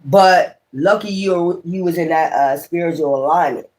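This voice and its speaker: A man's voice: fairly high pitch, moderate pace, a little mellow. A man giving a casual tarot reading, talking in a profane, exclamatory, rambling way. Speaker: tarot reader.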